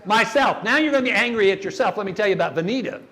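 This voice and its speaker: A man's voice: high-pitched, animated, racing, bright, forceful tone. An older man giving a church workshop talk on grief, folksy and storytelling, asking the audience questions.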